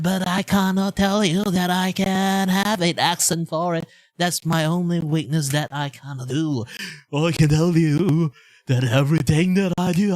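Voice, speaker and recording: A man's voice: a little high, steady tone, darkish tone, no room sound. A man making casual chat on a live art stream, rambling and half-singing his words. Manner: rambling, half-sung, slow and drawn out.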